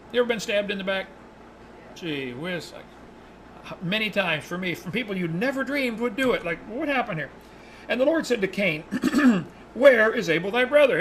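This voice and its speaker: A man teaching a Bible study class tells a story with real animation. His voice sits a little high and has a bright, forceful edge. A faint hum of noise runs behind him. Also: poor audio. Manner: animated, acts out the characters' lines in his retelling.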